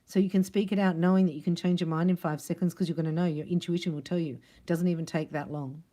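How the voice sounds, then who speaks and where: A woman's voice: lowish voice, steady tone, quick pace, dark tone. A woman giving a casual spiritual card reading, chatty and emphatic, acting out little dialogues. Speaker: psychic card reader.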